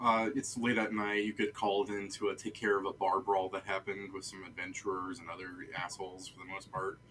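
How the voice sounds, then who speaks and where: A man's voice: low-pitched, little pitch movement, a little fast, pushed and bright, slight background noise, rough recording. A man running a tabletop game as game master, narrating in a casual, joking, loose way.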